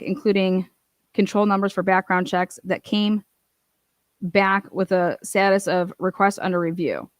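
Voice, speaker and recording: A woman's voice: mid-range voice, dry recording. Woman host, mid-range voice, fired-up casual commentary, dry close sound. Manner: emphatic, indignant, with frequent fillers and asides. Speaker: true-crime advocate host.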